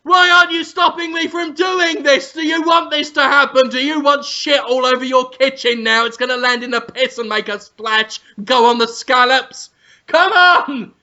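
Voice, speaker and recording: A man's voice: sits high, a little slow, pushed and bright. A man voicing a furious, foul-mouthed, unhinged celebrity chef who screams insults. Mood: screaming. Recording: dull lo-fi audio.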